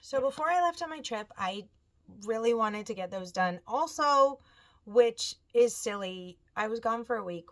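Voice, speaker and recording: A woman in her thirties hosting a knitting video podcast, telling stories in a chatty, animated way and acting out the people she quotes. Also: mid-range voice, measured pace. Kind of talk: casual chat.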